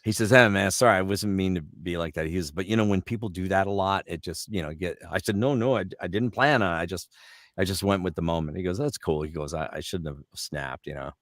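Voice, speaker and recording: A middle-aged man with a very deep voice tells stories in a relaxed, casual chat. He quotes people with quick character voices, and the sound is dry and close with no room around it. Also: no room sound. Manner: animated anecdotes, slips into character voices for quotes. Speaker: voice actor guest.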